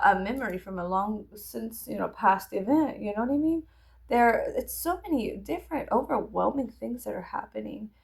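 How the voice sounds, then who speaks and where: A woman in her thirties talks casually as she gets ready, wandering from thought to thought and swearing freely. Her voice sits at a middle pitch with a gravelly, creaky edge. She keeps things loose and jokey, often undercutting herself. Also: a bit bright. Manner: rambling, profane, jokey. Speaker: vlogger. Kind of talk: casual get-ready-with-me chat.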